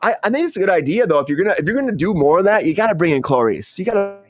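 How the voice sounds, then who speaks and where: A man's voice: high-pitched, sing-song, very fast, no echo, studio quality. Stammering chatty male show host. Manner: rambling, stammering with many restarts. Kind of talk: casual entertainment news chat.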